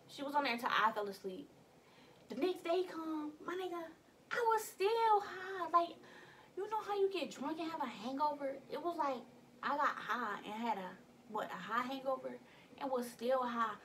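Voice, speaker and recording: A woman's voice: fairly high pitch, distant mic, a little hiss or hum. A young woman telling a story in casual vlog style, acting out her own lines. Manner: animated, acts out her own lines in quotes. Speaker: vlogger.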